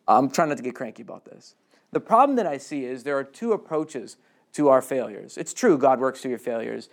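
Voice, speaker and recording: A man's voice: medium pitch, gravelly, a little mellow. A man preaching a conversational sermon, chatty and self-deprecating, with humorous asides.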